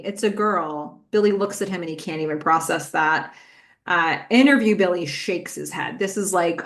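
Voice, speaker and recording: A woman with a slightly low voice talks through a TV episode scene by scene. Her delivery is conversational and unscripted, with filler words as she recounts what happens. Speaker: podcast host. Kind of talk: recap podcast commentary.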